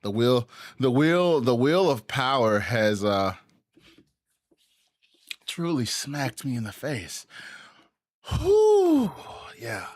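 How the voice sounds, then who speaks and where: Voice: medium pitch, lively intonation, slow, long pauses. A live streamer chatting casually to viewers while out of breath from exercising, sighing and puffing between sentences.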